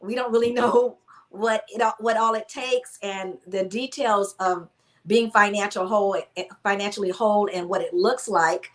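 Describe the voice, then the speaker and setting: A woman's voice: mid-range voice, steady tone, moderate pace. A woman hosting a live online talk, upbeat and inviting, speaking straight to her audience. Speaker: host.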